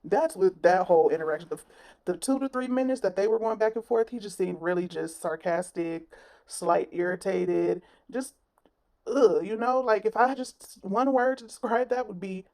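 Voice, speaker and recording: A woman's voice: medium pitch, normal speed, mellow. A woman giving blunt, sassy reaction commentary on a clip, with plenty of slang. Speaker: commentary vlogger.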